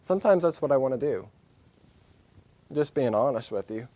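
A male preacher delivers a sermon at a mid-range pitch, earnest and candid. He hammers his points through repetition and breaks them up with wry, self-deprecating asides. The room sounds dry and close, with little reverb. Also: normal speed, dark tone.

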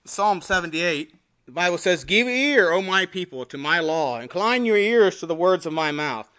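A male pastor preaching a sermon, reading scripture aloud and swinging between emphatic rises and quiet, dropped endings. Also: sits high, animated, normal speed. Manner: preaching with scripture readings in King James wording.

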